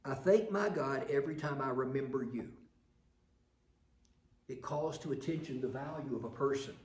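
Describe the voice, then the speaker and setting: A man's voice: medium pitch, normal speed, reverberant. An older man preaching a sermon, telling stories and building to emphatic passages. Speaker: pastor.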